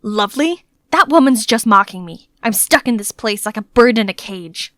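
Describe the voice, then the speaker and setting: A woman voicing a moody, reclusive young man who gives curt, commanding orders in an animated story. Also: fairly high pitch, normal speed, dry recording, clean studio sound, voice pushed down. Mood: bitter. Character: moody reclusive young male master, stern and short-tempered.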